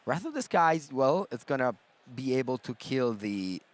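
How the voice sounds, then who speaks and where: A man's voice: medium pitch, big pitch swings, moderate pace. A man giving live color commentary on a card game, explaining plays analytically and thinking aloud with frequent fillers.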